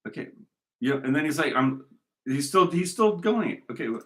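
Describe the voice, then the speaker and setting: A man's voice: a little high, expressive, normal speed, fairly bright tone. A man giving a rambling, argumentative monologue, talking emphatically and repeating himself. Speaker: commentator.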